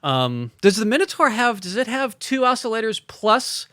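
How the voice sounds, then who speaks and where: Bright, eager man talking synths. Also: high voice, sing-song, moderate pace, no echo, clean studio sound. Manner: enthusiastic, loose, with frequent fillers. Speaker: composer and podcast co-host. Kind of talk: casual conversation about synths.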